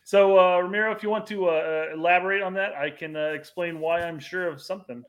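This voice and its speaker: A man's voice: high voice, fairly even intonation, fast, dull audio. A man in his thirties co-hosting a casual livestream, easygoing, laughing often and reading viewer comments. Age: 30s. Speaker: podcast co-host.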